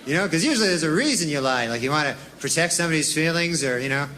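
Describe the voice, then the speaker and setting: A man doing a deadpan, rambling stand-up routine full of folksy asides. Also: fairly high pitch, very fast. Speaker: stand-up comedian. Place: comedy club stage with laughing audience. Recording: live club recording with crowd and noise.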